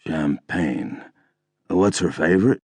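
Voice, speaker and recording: A man voicing a creepy male stalker in a nightclub who speaks in a hushed, menacing way. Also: sits low, slow, breathy edge, no echo, heavily acted. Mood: curt. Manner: quiet, hushed menace; yells when ignored.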